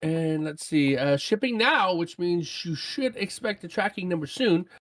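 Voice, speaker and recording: Animated woman podcast co-host. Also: lowish voice, a little slow. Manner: animated, jumps to excited shouts. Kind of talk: casual podcast chat, reading listener comments.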